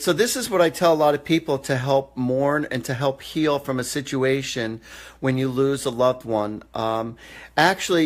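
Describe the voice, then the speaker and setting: A man hosting a live-stream psychic reading show, chatty and joking, with casual swearing. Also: mid-range voice. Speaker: psychic medium host.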